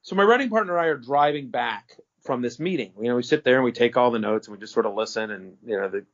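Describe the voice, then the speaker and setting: A man's voice: mid-range voice, fast talker. A middle-aged man telling a story in a casual interview, rambling, restarting sentences and swearing now and then. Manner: animated, rambling, self-correcting, profane. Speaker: interview guest. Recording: dull lo-fi audio.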